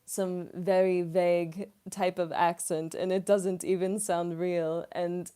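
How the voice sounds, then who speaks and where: A woman's voice: fairly low pitch, level tone, slow, warm tone, clean tone. A young adult woman, a voice actress, chatting casually on a live-stream Q&A, giggly and full of "like" fillers.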